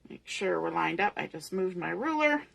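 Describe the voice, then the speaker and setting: A woman's voice: on the low side, very animated, normal speed, vocal fry, fairly bright tone, breathy edge. A woman giving a patient, step-by-step papercraft tutorial, explaining each measurement as she works. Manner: patient, methodical, talks through each step. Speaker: papercraft instructor.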